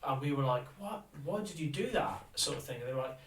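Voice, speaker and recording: A man's voice: medium pitch, lively intonation, quick pace, fairly bright tone. Rambling man, roomy distant sound. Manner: rambling storyteller, swears, laughs often. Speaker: podcast co-host. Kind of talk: casual chat. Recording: roomy, distant from the mic, faint noise.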